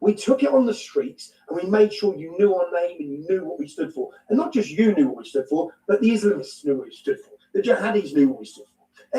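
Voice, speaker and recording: A man's voice: sits high, dark tone, echoey room, far from the mic, rough recording. A man with an English accent, talking bluntly and emphatically as an interview guest, repeating his points and swearing now and then. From England. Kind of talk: heated conversational interview.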